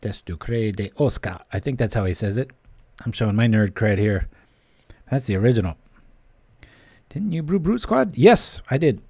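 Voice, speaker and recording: A man's voice: on the low side, expressive, moderate pace, vocal fry, pauses often, darkish tone, no echo. Chatty man streaming a card game. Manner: chatty, joking, reads chat aloud. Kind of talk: casual gameplay commentary with chat.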